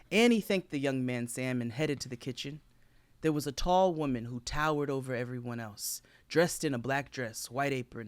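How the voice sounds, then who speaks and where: A man's voice: medium pitch, dry recording. A man co-hosting a comedy podcast, telling a made-up history tale as a mock-solemn storyteller. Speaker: podcast co-host. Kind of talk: comic tall-tale storytelling.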